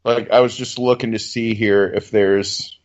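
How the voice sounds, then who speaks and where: A man in casual podcast chat, talking loosely and excitably, swearing, with lots of fillers. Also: on the low side, a little slow, highs cut off.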